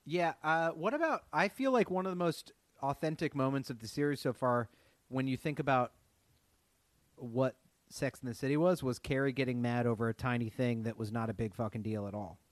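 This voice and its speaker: A man's voice: medium pitch, a little fast, no room sound. A man co-hosting a podcast in casual chat, jokey and blunt, swearing casually. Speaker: podcast co-host.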